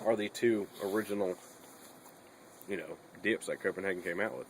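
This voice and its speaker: Rambling, cussing young man, low voice. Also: a little fast, slight background noise, rough recording. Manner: rambling and profane, with many fillers. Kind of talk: casual vlog chat.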